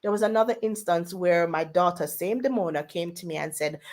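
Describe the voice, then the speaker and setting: A woman, a radio guest telling a personal story in a lively way and putting on family members' voices in quotes. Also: lowish voice, brisk.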